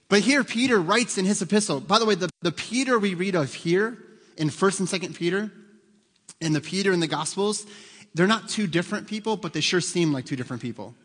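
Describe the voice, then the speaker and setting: A man's voice: sits high, fairly quick, fairly bright tone, slightly rough. A man preaching a sermon as pastor, talking conversationally and putting questions to the congregation. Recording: long hall reverb.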